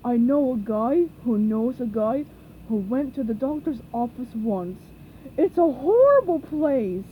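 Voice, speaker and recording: A woman voicing a dim-witted, boisterous male starfish in a storybook reading, loud, dopey and drawn-out. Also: on the high side, animated, narrow, tinny audio, a little hiss or hum. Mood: dramatic.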